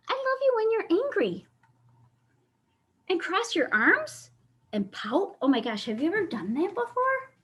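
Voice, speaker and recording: A woman hosting a children's story time over a video call, reading a picture book aloud and asking the children questions. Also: on the high side. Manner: animated, asks children questions.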